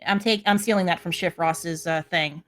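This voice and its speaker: A woman's voice: lowish voice, steady tone, normal speed, fairly bright tone. A woman acting as game master, narrating a tabletop game in a chatty, loose way with lots of asides.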